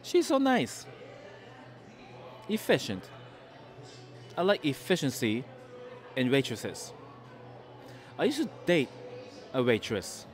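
A man's voice: medium pitch, huge pitch swings, slow, pauses often. Chatty man vlogging in a restaurant. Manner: chatty, rambling anecdotes. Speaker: food and travel vlogger. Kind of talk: casual food vlog with storytelling. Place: restaurant sports bar.

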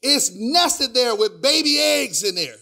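High bright-voiced preaching pastor. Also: male voice, animated, measured pace, vocal fry. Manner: swings from hushed asides to loud sung preaching; repeats "praise God" and "hear me" between phrases. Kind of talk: sermon.

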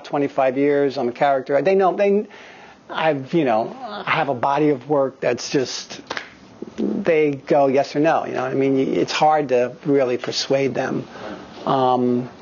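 A man's voice: on the high side, slight background noise. A man in his fifties, a guest actor telling candid, profane stories to acting students in a studio. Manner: profane, animated storyteller. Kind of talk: candid anecdotal talk. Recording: slightly dull lo-fi recording.

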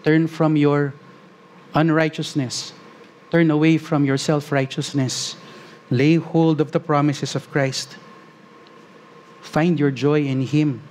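Man, pastor, sermon, earnest preaching, somewhat high voice, slows on key phrases. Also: flat delivery, a little mellow, a little hiss or hum. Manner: earnest preaching, rising for scripture readings.

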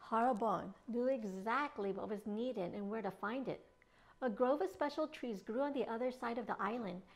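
A children's librarian reading a picture book aloud with an expressive, playful delivery. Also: female voice, a little high. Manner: expressive, playful reading with lively sound effects. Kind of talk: storybook read-aloud for children.

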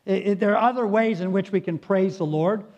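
A man's voice: high-pitched, brisk, a little mellow, dull audio. A man preaching a sermon as pastor, speaking earnestly and appealing directly to his congregation in a church sanctuary.

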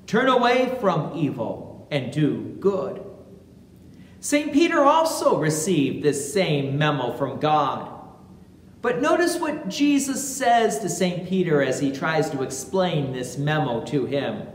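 A pastor preaching a sermon in a church, speaking slowly and deliberately and acting out quotations with animation. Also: mid-range voice, sing-song. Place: large church sanctuary. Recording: echoey church hall with long reverb, faint ambience.

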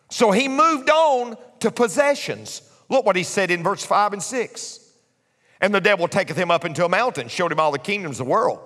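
A man preaching a sermon as pastor, swinging from hushed whispers to shouts. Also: sits high. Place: large church sanctuary. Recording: long church hall reverb.

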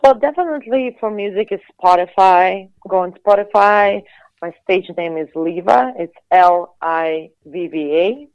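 A woman from Latvia speaks as an interview guest, mid-pitched and quick, searching for words with frequent restarts. The audio is dull and dry, with a lo-fi edge. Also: no echo. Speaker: guest, singer and actress. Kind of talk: casual interview talk.

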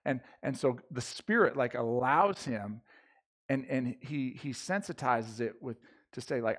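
A man's voice: mid-range voice, lively intonation, measured pace. A man preaching a casual sermon in church, talking loosely with slang and frequent restarts. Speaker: pastor. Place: church sanctuary.

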